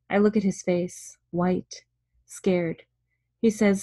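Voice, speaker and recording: A woman reading a novel aloud in a hushed, measured way. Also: lowish voice, fairly even intonation. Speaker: audiobook reader.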